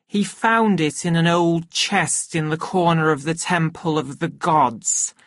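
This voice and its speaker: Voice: medium pitch, sing-song, moderate pace, husky, dry recording, studio quality, voice pushed up. A narrator voicing a vague, weary mother who has no sure answers, in a storybook reading. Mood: drowsy. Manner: uncertain, vague replies.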